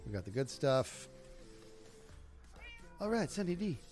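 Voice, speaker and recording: Casual male streamer, lively pitch swings, a touch higher than most men, rambling jokey self-talk, faint music behind. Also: a little slow. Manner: rambling, self-talking, jokey asides to chat. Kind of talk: casual gameplay livestream chat.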